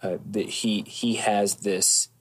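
A man speaking as an interview guest, calm and thoughtful, with occasional soft hesitations. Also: fairly low pitch, slow, a little hiss or hum. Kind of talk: reflective conversation.

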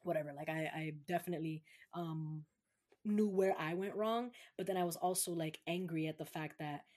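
A woman's voice: low voice, moderate pace, a little mellow. A young woman from Massachusetts, talking candidly and with swearing in a casual podcast chat, acting out what others said. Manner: candid and profane, acts out quoted voices.

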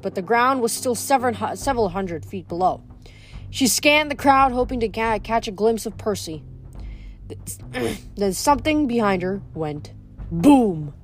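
Woman reading a novel aloud, soft music. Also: on the high side. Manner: careful, with small restarts.

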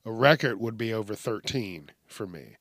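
A man's voice: moderate pace, no echo, clean studio sound. A man hosting a podcast who rants casually with lots of swearing and talks in a groggy early-morning voice. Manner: profane, animated, mimics people in high yelps. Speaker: podcast host. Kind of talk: casual solo rant.

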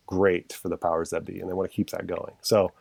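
A man with a deep, low-pitched voice speaks in a relaxed conversation. He argues his point with earnest passion, rambling and correcting himself as he goes. The sound is dry and close, with no room around it. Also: brisk, vocal fry, no echo. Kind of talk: casual conversational chat.

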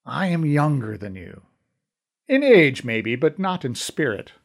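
A man's voice: medium pitch, sing-song, measured pace, vocal fry, full character voice. A man narrating an audiobook voices an ancient male weapons master who taunts in a dry, matter-of-fact way. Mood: taunting.

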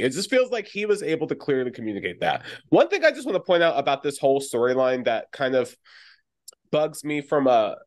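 A man co-hosting a casual podcast chat, recapping and acting out scenes with quick, lively quoting. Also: medium pitch. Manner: animated, acts out quotes in lively voices. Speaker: podcast co-host.

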